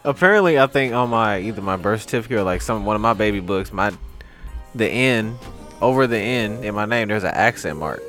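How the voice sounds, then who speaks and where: A man's voice: lowish voice, expressive, brisk, a bit bright, faint music behind. Laid-back young man telling slangy stories. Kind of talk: casual chat.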